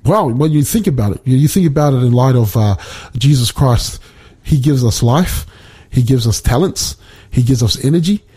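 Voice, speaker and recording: A man giving a casual devotional talk, speaking haltingly with many restarts and fillers. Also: mid-range voice, animated, warm tone, husky. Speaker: Bible study speaker.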